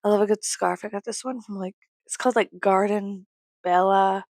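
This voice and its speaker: Young woman vlogger, rambling and profane, gravelly, dry close mic. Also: medium pitch, fairly even intonation, moderate pace, darkish tone, dry recording. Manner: rambling, swearing, laughing often. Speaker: YouTuber. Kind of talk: rambling casual vlog.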